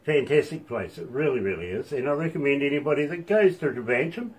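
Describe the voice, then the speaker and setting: A man's voice: mid-range voice, animated, quick pace, distant mic, rough recording. A man hosting a radio interview, chatting casually and joking, laughing often, in a radio studio. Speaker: radio host.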